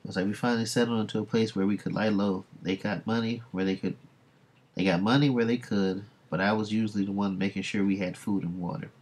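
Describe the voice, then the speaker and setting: A man reading the lines of a young half-alien woman, low and matter-of-fact. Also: fairly even intonation, quick pace, darkish tone, slightly rough.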